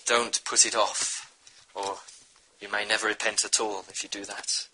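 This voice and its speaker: A man's voice: fairly low pitch, level tone, moderate pace, bright, forceful tone, slight background noise, poor audio. A man preaching a sermon, earnestly urging his listeners to repent. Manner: earnest, pleading exhortation.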